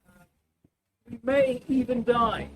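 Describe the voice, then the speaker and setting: A man preaching a sermon in a high, lively voice that climbs and falls, acting out the people of the story. He takes his time, and his voice has a gravelly edge. The recording carries clear leftover noise from heavy filtering. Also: takes it slowly, rough recording. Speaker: pastor. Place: church service, sound reduced. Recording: background noise, wind filtered out.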